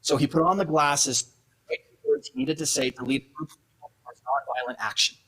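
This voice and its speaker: A man's voice: a little high, very animated, brisk, vocal fry, bright, forceful tone, slightly rough, rough recording. A middle-aged man giving a motivational speech at an awards event, telling a family story and acting out the dialogue. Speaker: keynote speaker. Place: event hall.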